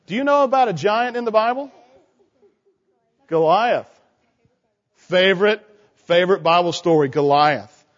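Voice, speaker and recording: Here a man leads a children's sermon in a church sanctuary, asking questions to draw the kids out. His high voice moves a little slowly, with long pauses. The sound is lo-fi and dull, echoing with church hall reverb.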